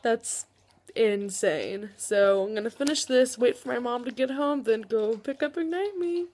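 A teenage girl vlogging about a new book, gushing and swinging between hushed whispers and excited squeals. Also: fairly high pitch, a little slow. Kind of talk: excited casual vlog. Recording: faint background noise.

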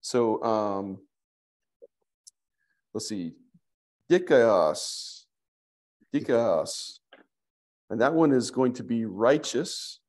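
A man teaches a language class at a slow, unhurried pace. He is patient and thinks aloud, with many fillers as he works through each word. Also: medium pitch, lively intonation, a little mellow. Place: church classroom.

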